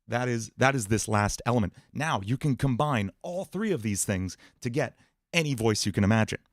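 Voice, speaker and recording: A man of middle pitch talks loosely through a livestream Q&A on singing. He explains in a relaxed way, full of "um" and "uh". The sound is close and dry. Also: normal speed, no echo. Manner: relaxed explaining, many fillers, breaks into sung and put-on voice demos. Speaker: music producer and livestream host.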